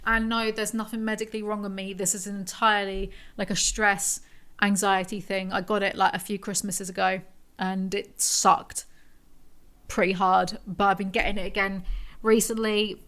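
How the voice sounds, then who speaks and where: A woman's voice: mid-range voice, level tone, fairly bright tone. A young woman hosting a casual solo podcast, telling a personal story in a candid, rambling way with lots of "like" fillers. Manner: swings between quick asides and slow emphatic phrases. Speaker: podcast host.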